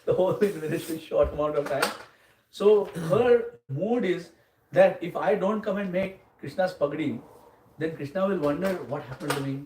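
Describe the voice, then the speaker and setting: A man's voice: high voice, normal speed. Man lecturing in a roomy hall. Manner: often checks in with the audience with "Huh?" and "Okay?". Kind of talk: scripture class. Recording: roomy, distant mic, faint noise.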